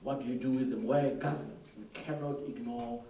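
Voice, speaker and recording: A man's voice: mid-range voice, fairly even intonation, a little fast, mellow. A man speaks frankly and emphatically, stumbling over repeated words as he builds his point. He is picked up from a distance in an echoing conference room. A faint hiss sits under his voice. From Zimbabwe. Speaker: finance minister. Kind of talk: answering questions at an investor forum.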